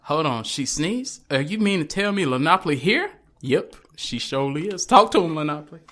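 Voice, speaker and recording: A man's voice: a little high, animated, brisk, a bit bright. A man hosting a podcast, chatting loosely and laughing, a bit tipsy. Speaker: podcast host. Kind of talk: casual podcast banter.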